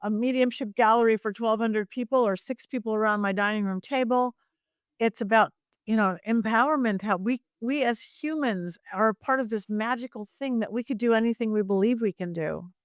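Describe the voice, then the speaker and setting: A woman's voice: a little high, fairly quick, no room sound, studio quality. A middle-aged woman, a psychic medium guest, telling stories animatedly and acting out the voices in them. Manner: animated, acts out voices in her anecdotes. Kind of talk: lively storytelling interview.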